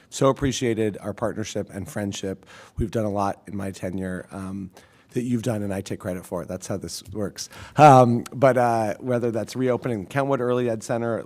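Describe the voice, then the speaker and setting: Man, board member, fairly low voice, wry humor, warm tribute, lots of fillers. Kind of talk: formal public meeting. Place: board meeting room.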